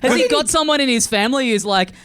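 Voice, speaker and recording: A man riffing as a comedy guest on a podcast, playful with quick asides. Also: very high-pitched, animated, fairly bright tone, clean tone, no room sound, clean studio sound. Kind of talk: casual comedic chat.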